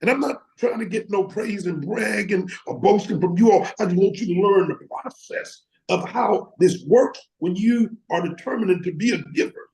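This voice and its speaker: Fervent motivational preacher, man, high gravelly voice, video call. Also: moderate pace, few pauses, darkish tone, low-quality recording. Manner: fervent, exclaims and laughs often. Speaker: academy leader addressing members.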